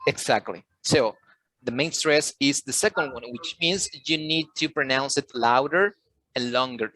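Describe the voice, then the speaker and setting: Heard on a dry recording, an online English teacher speaks a little slowly in a bright, forceful, mid-range voice. He patiently walks students through the material, restating the important points, testing them with questions and sometimes slipping into Spanish.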